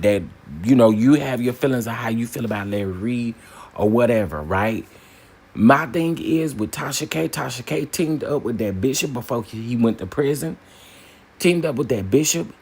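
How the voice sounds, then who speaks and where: A man hosting a casual opinion commentary, emphatic and animated, repeating phrases for punch. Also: mid-range voice, breathy edge. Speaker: commentary channel host.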